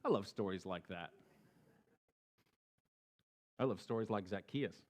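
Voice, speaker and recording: A man's voice: fairly low pitch, unhurried, a little mellow. A man preaching a sermon as pastor, telling stories and rising and falling in tone for emphasis.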